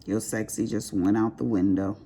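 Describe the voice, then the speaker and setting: A woman's voice: very deep voice, flat delivery, normal speed, dark tone. A middle-aged woman, chatting casually and expressively to her viewers while she crafts, calling them honey. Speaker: diamond painting vlogger.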